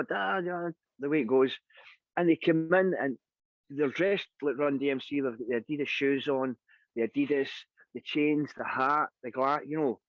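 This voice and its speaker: A Scottish man spins casual stories about his music career and acts out the voices of the people in them. His voice sits at an ordinary pitch and is recorded dry and a little dull, like a lo-fi call. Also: no room sound. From Scotland. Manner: lively anecdotal storyteller, acts out quoted voices. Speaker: singer and interview guest. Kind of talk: casual storytelling interview.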